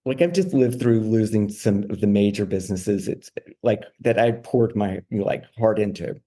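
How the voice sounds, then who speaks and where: Brief: middle-aged man, gravelly low voice, a podcast guest recounting his career frankly, lots of casual fillers. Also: normal speed, warm tone. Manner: frequent fillers like "like" and "you know". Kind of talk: candid storytelling in conversation.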